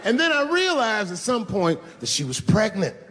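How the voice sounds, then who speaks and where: A man performing a stand-up set, telling a profane story that swings from low, drawn-out lines to high shouts. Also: big pitch swings, a little hiss or hum. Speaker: stand-up comedian. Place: large theater stage. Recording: reverberant theater with loud crowd laughter.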